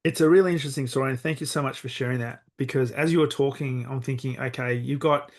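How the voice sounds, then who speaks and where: Male host, middle-aged, reflective interviewer, mid-pitched voice. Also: fast talker. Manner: reflective, thinks aloud with restarts. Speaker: podcast host. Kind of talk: podcast interview.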